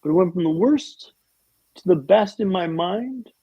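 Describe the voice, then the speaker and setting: Male interview guest, raised pitch, gravelly, dramatic storyteller with a humorous streak, dull lo-fi line. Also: animated, measured pace, dry recording. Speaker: podcast guest.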